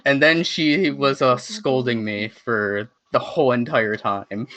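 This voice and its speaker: A man's voice: medium pitch, slow, crowd noise. A man telling a story in a casual online chat, laid-back with trailing asides. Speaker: podcast co-host. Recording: dull lo-fi online call audio.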